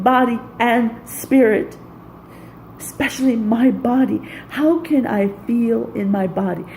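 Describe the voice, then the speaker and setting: A woman's voice: a little high, gravelly, warm tone, a little hiss or hum, low-quality recording. A woman speaking in an intense, raw, profane personal monologue, pouring out anger and hurt. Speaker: vlogger.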